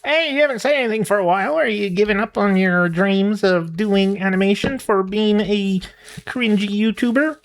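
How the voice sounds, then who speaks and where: A man's voice: sits high, moderate pace, voice pushed up. A man voicing a snarky male chicken that taunts and needles him in a game video. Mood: mocking. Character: snarky back-talking male chicken, mocking and smug.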